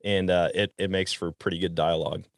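Male outdoors podcast host from Wisconsin, easygoing storyteller with a lowish voice, dry close mic. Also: a little fast, no room sound. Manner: relaxed storyteller who chuckles often. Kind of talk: casual outdoors chat.

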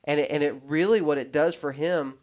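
A man's voice: a little high, a little fast. Rambling man hosting a podcast. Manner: rambling, animated storytelling with many restarts and quoted dialogue. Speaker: podcast host. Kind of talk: casual podcast chat.

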